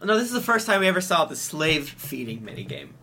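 A man's voice: a little high, huge pitch swings, fast talker, pushed and bright. A man rambling and joking as a player in a casual tabletop game.

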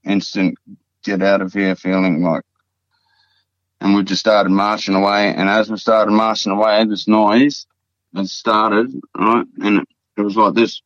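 Dull, dry lo-fi podcast audio without echo captures an Australian guest from the Northern Territory. His lowish voice keeps a measured pace with little pitch movement as he rambles through a story, swearing, repeating words and leaning on fillers.

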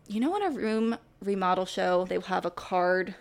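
Gravelly-voiced woman chatting on a podcast. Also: lowish voice, moderate pace. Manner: animated, laughing, acts out quoted lines. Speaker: podcast co-host. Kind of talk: casual chat.

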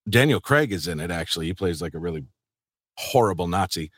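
Lively low-voiced man, casual chat. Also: brisk, breathy edge, no echo, studio quality. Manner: animated, profane storyteller who laughs a lot. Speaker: podcast host.

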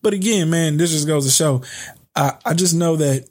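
Young guy hosting a podcast, reads the news then goes off cursing, kinda high voice. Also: normal speed, darkish tone. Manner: heated and profane, swears heavily. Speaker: podcast host. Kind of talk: reading a news story, then ranting.

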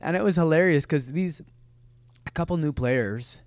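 Lively man telling stories on a podcast. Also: on the high side, no echo. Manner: animated, laughing often, talks in quick bursts. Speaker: professional soccer player guest. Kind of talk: casual podcast storytelling.

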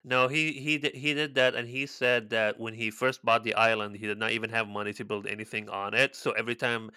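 A man's voice: medium pitch, fairly even intonation, brisk, sharp tone, clear, resonant tone, no echo. A man co-hosting a podcast, chatting casually, sarcastic and exclaiming with frequent swearing. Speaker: podcast co-host. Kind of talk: casual chat.

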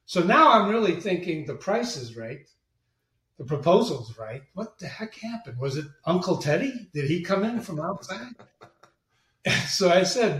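Animated high-voiced male storyteller. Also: normal speed. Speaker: guest, marketing agency president. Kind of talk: storytelling interview talk. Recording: roomy, distant from the mic.

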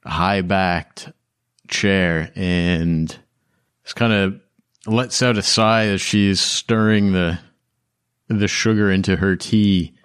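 A man narrating as the game master of a tabletop game, describing scenes in a measured way. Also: low voice, fairly even intonation, fairly bright tone, clean tone, no echo, studio quality.

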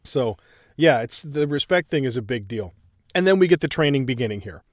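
A man's voice: medium pitch, expressive, brisk, dry recording, clean studio sound. A man chatting casually as a podcast co-host, retelling film scenes and quoting lines. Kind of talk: casual chat.

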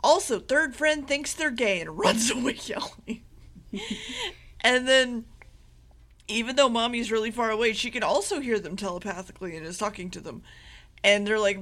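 A woman's voice: a little high, moderate pace, a bit bright. A woman co-hosting a podcast, giving a rambling, casual anime recap with laughs and swearing. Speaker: podcast co-host.

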